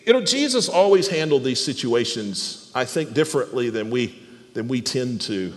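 A man preaching a sermon in an animated way, often repeating words as he restarts a phrase and putting questions to the congregation. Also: mid-range voice, normal speed, in a large hall. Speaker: pastor.

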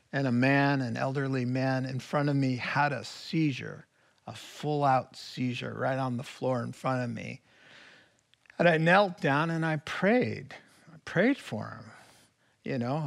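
A man preaching a sermon as pastor, animated, swinging from loud declarations to hushed whispers. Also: medium pitch, vocal fry. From California.

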